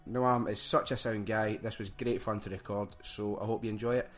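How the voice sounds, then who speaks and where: A man's voice: lowish voice, steady tone, normal speed, soft background music. A man with a thick Scottish accent hosting a podcast, chatty and jokey. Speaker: podcast host. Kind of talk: casual chat.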